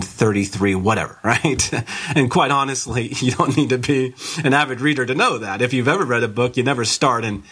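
A man who is a theology guest, explaining a topic in a measured teaching way and slowing down to stress key words. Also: mid-range voice, fairly bright tone, husky.

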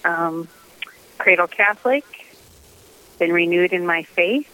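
A woman's voice: fairly low pitch, slow, lo-fi sound. A woman joining a radio show by telephone as a guest, cheerful and easygoing as she introduces herself. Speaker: call-in guest. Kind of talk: casual phone interview.

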